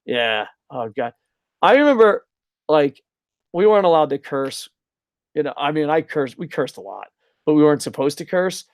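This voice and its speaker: A New Jersey man co-hosts a casual podcast, talking in a profane, excitable way at normal speed with long pauses, and he breaks into loud announcer impressions. His voice is somewhat high. The sound is dry and close, with no echo.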